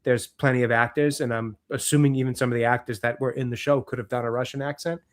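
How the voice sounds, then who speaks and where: A man co-hosting a film discussion who weighs his opinion as he speaks. His voice has an ordinary middle pitch. He talks in a steady, casual, conversational tone. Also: fast talker. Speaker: film podcast co-host. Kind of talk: casual chat.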